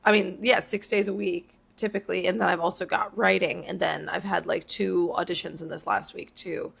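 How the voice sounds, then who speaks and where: A woman's voice: lowish voice, fairly even intonation, normal speed, creaky, fairly bright tone, breathy edge. A woman in her late twenties co-hosting a podcast, chatting casually and rambling through stories with lots of fillers. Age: late 20s. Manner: rambling, filler-heavy storytelling. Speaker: podcast co-host. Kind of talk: casual chat.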